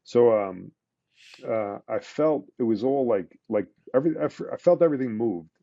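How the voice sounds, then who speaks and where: A middle-aged man, a retired police detective, telling a painful story in a casual podcast interview, with halting restarts and fillers. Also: medium pitch, expressive, creaky, dark tone, no room sound, lo-fi sound. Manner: emotional, halting retelling with many restarts and fillers.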